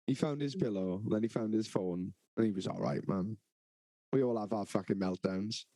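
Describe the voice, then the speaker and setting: A man's voice: lowish voice, normal speed, mellow, no echo, poor audio. A man co-hosting a podcast, telling a festival story in casual, sweary, laughing banter. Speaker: podcast co-host.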